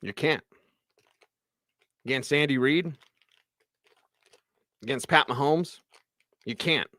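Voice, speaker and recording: A man hosting a postgame sports radio show, ranting with animated exasperation and sarcastic asides. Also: medium pitch, slow pace, dry recording. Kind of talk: postgame sports talk monologue.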